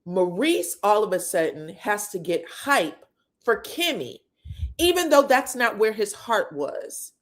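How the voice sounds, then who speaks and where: A woman's voice: medium pitch, very animated, a little slow, a bit bright. A woman hosting a casual reality TV gossip recap. She tells the story with animation, acts out what each cast member said, laughs often and swears freely.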